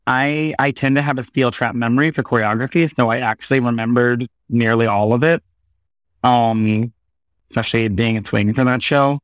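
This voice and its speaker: A man in his thirties chats as an interview guest in a mid-range voice. He tells stories with animated asides and quick shifts of pace. The sound is dry and close, with no room echo. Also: mid-range voice. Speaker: guest, Broadway performer. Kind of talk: casual interview chat.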